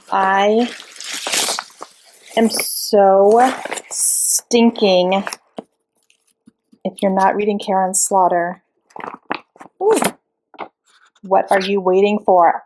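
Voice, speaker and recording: A woman vlogging about a new book at home, gushing and bubbling over with excitement. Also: mid-range voice, takes it slowly, pauses often, slight background noise. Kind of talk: excited casual vlog. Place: home couch.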